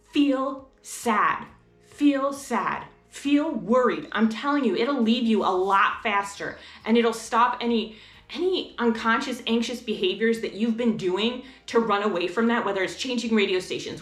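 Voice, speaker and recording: A woman's voice: fairly high pitch, reverberant. A woman vlogger talking casually to camera in a chatty, rambling way about homeschooling. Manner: chatty, rambling, animated asides.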